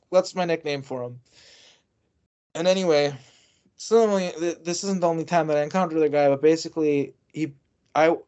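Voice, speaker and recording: A man's voice: on the high side, highs cut off. A man telling his own story as an interview guest, rambling and often restarting his sentences. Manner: loose, rambling, frequent restarts. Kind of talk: casual first-person storytelling.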